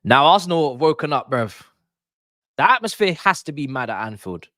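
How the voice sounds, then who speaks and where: A young man, doing excited, slangy live commentary for a football watch-along stream, repeating himself as he reacts. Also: fairly high pitch, moderate pace, dry recording, studio quality.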